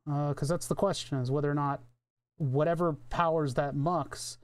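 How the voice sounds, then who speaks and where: A man's voice: a little high, fairly even intonation, normal speed. Rambling man thinking aloud at a workbench. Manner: rambling, offhand, thinks aloud, swears casually. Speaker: electronics streamer. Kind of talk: casual live-stream chat while soldering. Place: home electronics workbench.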